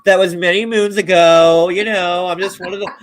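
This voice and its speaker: Man doing a falsely modest woman singer, high, breathy and teasing. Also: fairly even intonation, moderate pace, natural voice.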